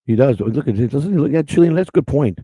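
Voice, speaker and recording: In this livestream, a middle-aged man tells rambling stories and talks crudely and emotionally with his chat. His medium-pitched voice is expressive, quick, mellow, and slightly rough, with no echo.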